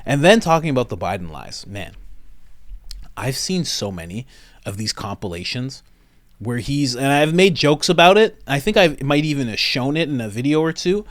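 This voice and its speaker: A man hosting comedic reaction commentary, talking in an animated, enthusiastic and chatty way. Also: medium pitch, normal speed, dry recording, studio quality.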